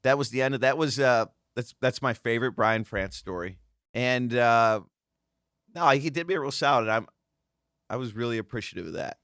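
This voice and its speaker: Man telling a lively racing story. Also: mid-range voice, moderate pace, smooth, no echo, studio quality. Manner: animated anecdote-telling with quoted voices. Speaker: guest host, former racing driver. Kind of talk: casual storytelling.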